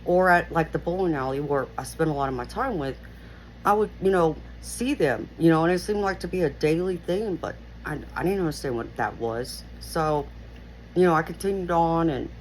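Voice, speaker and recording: A woman's voice: sits low, animated, normal speed, darkish tone, slight background noise, low-quality recording. Earnest woman telling a personal story. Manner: rambling, heavy use of "you know" fillers; earnest, reflective retelling. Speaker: channel host.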